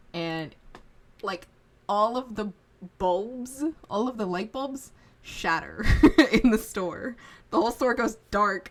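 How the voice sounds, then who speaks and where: A woman narrating a tabletop game as game master in a casual, rambling way full of fillers. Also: medium pitch.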